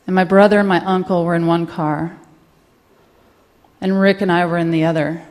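A woman from Mississippi, a comedian, telling a personal story on stage in a halting, candid, quietly emotional way. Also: fairly low pitch, steady tone. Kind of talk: stand-up storytelling monologue.

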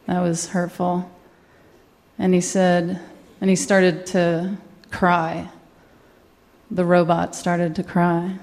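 A woman from Mississippi, a comedian, telling a personal story on stage in a halting, candid, quietly emotional way. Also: lowish voice, level tone. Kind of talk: stand-up storytelling monologue.

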